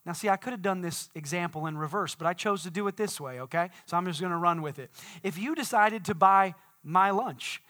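A man preaching a sermon as pastor, swinging from quiet explanation to shouted declarations. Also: sits high, fairly quick. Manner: dynamic preaching, swelling to shouts.

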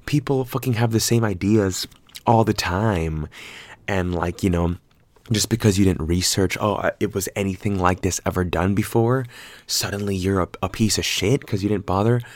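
Low-voiced man telling a profane story. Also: normal speed, no room sound. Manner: rambling, profane, animated retelling with quoted voices. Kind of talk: casual storytelling.

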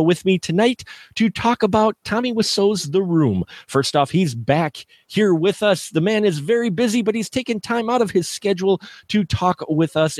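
A man's voice: high voice, darkish tone, dry recording, studio quality. A man hosting a casual podcast chat who introduces his guests playfully and laughs often. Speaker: podcast host.

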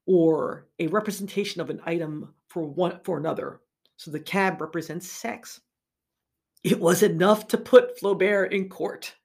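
A middle-aged woman giving an animated literature lecture, reading passages aloud and laughing between remarks. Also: lowish voice.

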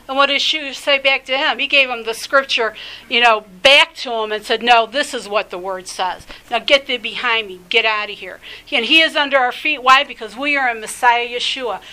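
A woman preaches with a high, bright and forceful voice. She exhorts her listeners fervently, doubling back on her words and piling up short phrases as she builds each point. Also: low-quality recording. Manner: fervent, exhorting, with many restarts and filler phrases. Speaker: rabbi preaching a podcast teaching. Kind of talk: sermon.

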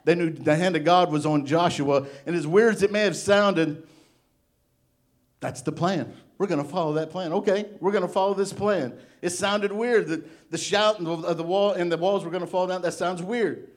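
A middle-aged male pastor giving a sermon, animated and playful, acting out little voices as he preaches. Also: sits high, normal speed.

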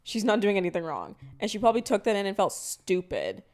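A woman in her twenties co-hosting a podcast, chatting casually and telling animated stories with acted-out quotes. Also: mid-range voice, fast talker. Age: 20s. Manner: animated storytelling, acts out quotes. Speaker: podcast co-host. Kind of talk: casual chat.

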